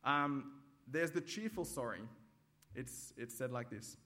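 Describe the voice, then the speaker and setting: A man preaching a sermon at a church service, measured and hesitant with frequent ums, acting out everyday examples. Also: mid-range voice, lively intonation, sharp tone. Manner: demonstrative, acts out examples.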